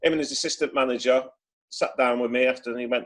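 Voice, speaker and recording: Man, mid pitch, loose rambling storyteller on a video call. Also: steady tone, fast. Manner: chatty, rambling with many restarts and acted quotes. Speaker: former footballer guest. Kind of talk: casual storytelling.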